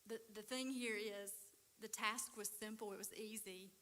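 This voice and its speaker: Bright-voiced woman preaching with flair. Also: medium pitch, a little slow. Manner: animated storytelling, acts out biblical characters. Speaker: recovery ministry speaker. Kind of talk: conversational sermon. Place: church.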